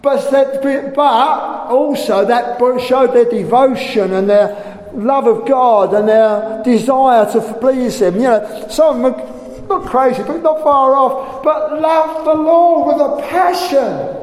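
Slow high-voiced older man preaching. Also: a little mellow. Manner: emphatic, full of rhetorical questions. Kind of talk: sermon. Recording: echoey hall, faint room noise.

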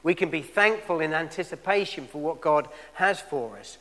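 A male preacher delivering a sermon in a church, swinging between loud emphatic peaks and quiet asides. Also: a little high, lively intonation, moderate pace, big-room sound.

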